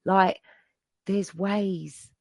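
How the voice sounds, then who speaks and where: A woman's voice: mid-range voice, steady tone, drawn-out words, gravelly, dry recording. Emotional woman sharing her recovery story. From England. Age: adult. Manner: emotional, repetitive storytelling with many restarts. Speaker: recovery meeting speaker. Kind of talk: personal recovery share. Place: meeting room.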